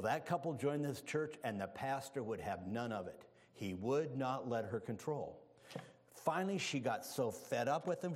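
Delivering a sermon as a guest evangelist, a man mixes humorous folksy stories with fervent prayer in a church sanctuary. His voice is mid-range and darkish with a breathy edge, and the sound carries a big-room feel.

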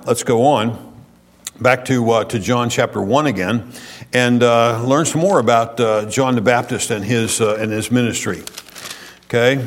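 A male preacher teaching scripture in a relaxed, conversational way. He often pauses, restarts and fills gaps with small hesitations. His voice sits at an ordinary middle pitch. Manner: folksy, halting, many fillers and restarts.

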